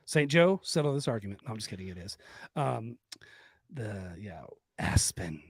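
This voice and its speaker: A man with a slightly husky voice rambles through crude jokes and show plugs as a podcast co-host. His delivery is loose and joking, full of fillers and restarts. The sound is dry and close to the mic. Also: fairly low pitch, very animated, moderate pace, no echo. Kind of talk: crude comedic podcast banter.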